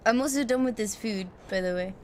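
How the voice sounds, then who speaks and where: A woman's voice: a little high, brisk, background noise. A woman streaming a video game live, chatting playfully and reading dialogue aloud. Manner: playful, giggly.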